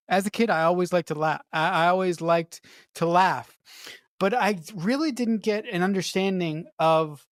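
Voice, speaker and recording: A podcast co-host gushes about a film in casual, emphatic chat, swearing freely and restarting sentences. The voice sits at a middle pitch. The recording is dry and close. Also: no echo. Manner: enthusiastic, emphatic praise with swearing and repeated restarts.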